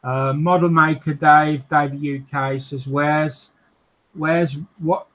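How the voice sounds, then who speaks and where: Slow-talking man chatting with viewers. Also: a little high, fairly even intonation, fairly bright tone, poor audio. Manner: laughs often, chatty with many fillers and restarts. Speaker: host of a modelling livestream. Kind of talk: casual chat, reading out viewer comments.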